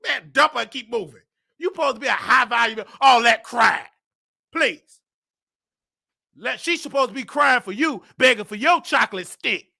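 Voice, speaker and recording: A man hosting a comedy show, ranting with exaggerated indignation and bursts of shouting. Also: extremely high pitch, vocal fry.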